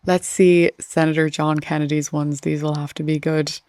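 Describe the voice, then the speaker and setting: A woman's voice: low-pitched, little pitch movement, normal speed, a little mellow, no echo. Wry chatty woman host, dry close sound. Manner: chatty and wry, with small laughs. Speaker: political commentary host. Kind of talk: casual commentary reading memes aloud.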